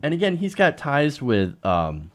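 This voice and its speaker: A man's voice: fairly high pitch, huge pitch swings, a little slow. A man hosting solo political commentary, reading news quotes aloud and reacting with sarcasm.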